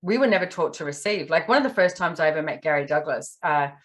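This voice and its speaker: A woman's voice: low voice, expressive, quick pace. A woman from Australia, a podcast guest, telling candid personal stories in casual conversation and acting out her own thoughts.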